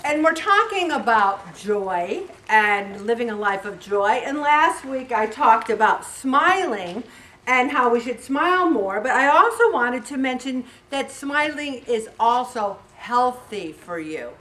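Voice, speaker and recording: A woman's voice: fairly high pitch, unhurried, distant mic. A woman in her sixties from Syracuse, New York, giving a casual inspirational talk to her group and acting out the people in her stories. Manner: lively storyteller, acts out dialogue. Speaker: weight loss group leader.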